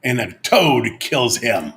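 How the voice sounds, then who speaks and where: A man's voice: mid-range voice, big pitch swings, slow pace, a bit bright. A man co-hosting a casual live-stream chat, telling stories and acting out his dog in goofy voices. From living in Mexico. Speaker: co-host.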